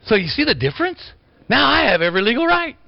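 A man preaching a folksy storytelling sermon, swinging from loud bursts to quiet asides. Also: very high-pitched, sing-song, fast talker, vocal fry, no room sound. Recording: dull lo-fi sound.

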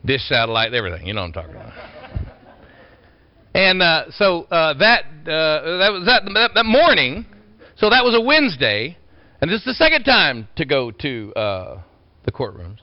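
A man preaching a folksy storytelling sermon, swinging from loud bursts to quiet asides. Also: a little high, very animated, normal speed, no echo. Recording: dull lo-fi sound.

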